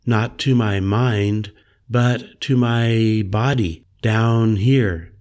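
A man's voice: mid-range voice, slow, darkish tone, close to an everyday voice. A man voicing a grandiose, arrogant man who is slightly unhinged and talks in a self-admiring, dreamy way. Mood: dazed.

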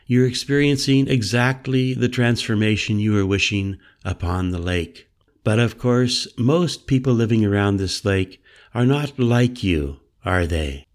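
A man voicing a calm, commanding woman who lays out a firm plan in a measured, instructing way. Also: on the low side, lightly acted. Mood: knowing.

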